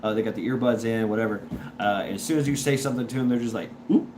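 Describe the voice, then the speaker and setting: A man's voice: on the low side, rapid-fire. A man hosting a casual livestream, reading chat and rambling in a stop-start way, repeating words and chuckling. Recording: steady background noise.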